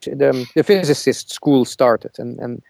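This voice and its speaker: A male caller with a gravelly, creaky voice at a middling pitch, speaking on a call-in show. He talks haltingly, stumbling over repeated words while he hunts for the right phrasing. The sound is dry and close. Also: darkish tone, dry recording. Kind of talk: casual call-in conversation.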